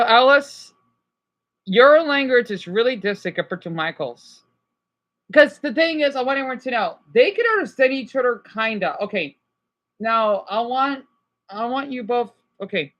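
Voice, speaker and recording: A woman's voice: on the high side, expressive, moderate pace, a bit bright. A woman casually teaching a pretend class about how languages compare, eager and chatty, often restarting and hedging.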